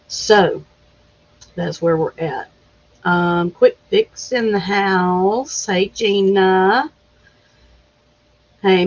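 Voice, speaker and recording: A woman hosting a casual live chat, greeting viewers by name and laughing easily. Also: lowish voice. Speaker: livestream host. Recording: dull lo-fi stream audio.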